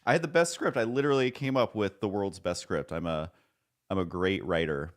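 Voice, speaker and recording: A man's voice: low voice, a little fast. A man streaming live, chatting casually and rambling, joking at his own expense and swearing now and then.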